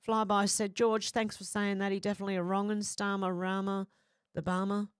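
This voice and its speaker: A woman's voice: medium pitch, little pitch movement, fairly quick, smooth, no room sound, clean studio sound. A woman with an Australian accent hosting a casual livestream, reading viewer comments aloud and answering them bluntly with her own opinions. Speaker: livestream host.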